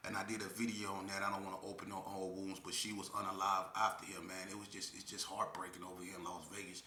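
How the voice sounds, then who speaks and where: Man storytelling casual, lively then quiet and sad, roomy echo. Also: slight background noise. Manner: animated, drops low and slow when grieving. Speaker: storyteller vlogger. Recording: echoey room.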